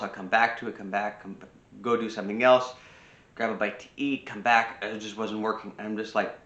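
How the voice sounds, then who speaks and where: A man's voice: lowish voice, a bit bright, echoey room. A man giving earnest self-improvement advice in a casual monologue, repeating himself and often restarting his sentences. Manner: earnest, repetitive, lecturing with frequent restarts. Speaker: self-improvement video host.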